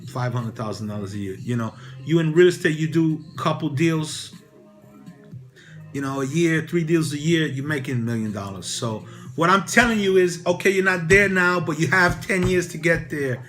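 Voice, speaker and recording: New guy rambling about getting rich, kinda high voice, faint music behind. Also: moderate pace, a bit bright. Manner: rambling, full of "you know" fillers. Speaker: real estate broker and channel host. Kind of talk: casual motivational talk to camera.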